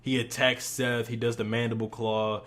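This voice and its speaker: Young male reviewer, mid-pitched, profane, exasperated ranting style. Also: level tone, moderate pace, fairly bright tone. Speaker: wrestling reviewer.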